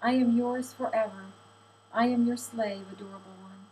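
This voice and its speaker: A gentle, doting girl of seventeen murmurs her words with soft tenderness, as a woman reading aloud puts her on. Her voice sits a little high and stays hushed and close, a faint hum underneath. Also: fairly even intonation, normal speed, close to an everyday voice, rough recording. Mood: tender. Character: affectionate seventeen-year-old slave girl.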